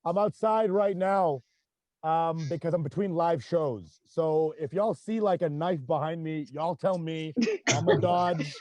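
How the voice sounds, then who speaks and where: A man performing stand-up comedy over a video call from outdoors, animated and laughing at his own jokes. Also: a little high, measured pace. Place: outdoors in an industrial spot.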